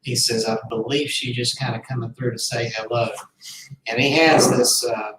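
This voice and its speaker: A man's voice: mid-range voice, fairly even intonation, moderate pace. Earnest man telling a story. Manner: rambling, earnest, heartfelt. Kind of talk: casual storytelling. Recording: roomy, distant mic, faint noise.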